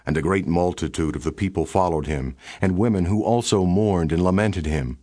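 A man with a very deep, low voice reads scripture aloud in a steady, formal cadence. The sound is dry and close, with no room around it. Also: normal speed, dry recording. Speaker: scripture narrator. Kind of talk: scripted Bible reading.

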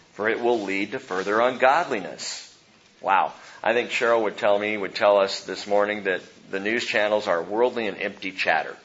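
A male pastor preaching a sermon, animated, swinging between loud emphasis and hushed low lines. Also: muffled recording.

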